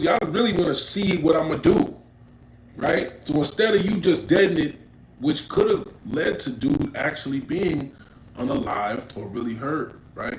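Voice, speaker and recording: A man with a gravelly mid-pitched voice tells a street story to camera, slangy and acting out what people said. He builds to loud, emphatic bursts. The room is echoey with faint noise behind him. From Inglewood, California. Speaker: vlogger telling a story. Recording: roomy echo, faint background noise.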